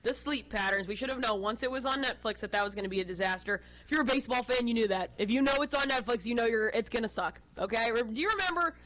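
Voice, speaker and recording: A woman from Texas co-hosting a sports radio show, chatting about football in an animated, joking way. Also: a little high, low-quality recording. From Austin, Texas. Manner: chatty, animated, quick to joke. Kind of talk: casual sports talk.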